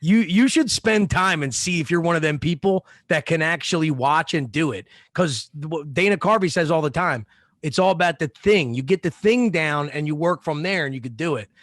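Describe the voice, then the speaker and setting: Male podcast co-host, higher voice, dry sound, loose profane rambling. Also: expressive, moderate pace, fairly bright tone, dry recording. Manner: rambling, profane, laid-back. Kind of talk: casual chat.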